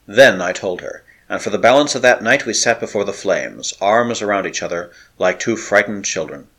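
A man narrates an old adventure novel for an audiobook, and his husky voice keeps the telling vivid. His pitch swings widely with the suspense, always dramatic and expressive. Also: moderate pace.

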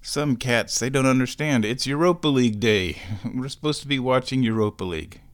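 A man's voice: mid-range voice, expressive, brisk, clear, resonant tone. A man vlogging at home, narrating his chores step by step in a casual running commentary. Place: home, kitchen then downstairs.

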